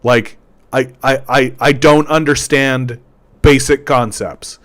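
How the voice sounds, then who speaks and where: A man's voice: mid-range voice, steady tone, takes it slowly, fairly bright tone. A man hosting a political commentary show, ranting sarcastically and stumbling over repeated words. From Canada.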